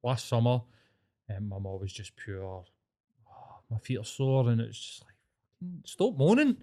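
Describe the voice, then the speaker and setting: A Glaswegian Scottish man in his forties co-hosts a relaxed comedy podcast. He tells family stories with salty language and lively impressions of his relatives. His talk is casual and animated. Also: lowish voice, normal speed. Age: 40s. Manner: sweary, animated storyteller who acts out relatives' lines. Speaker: podcast co-host.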